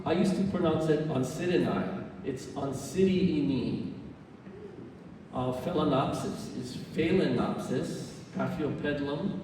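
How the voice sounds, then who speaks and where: Slow easygoing guy explaining stuff, mellow voice, echoey hall from far off. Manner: unhurried, explanatory, with fillers and self-corrections. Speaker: orchid society speaker. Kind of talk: club presentation. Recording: roomy hall, distant mic, faint rumble.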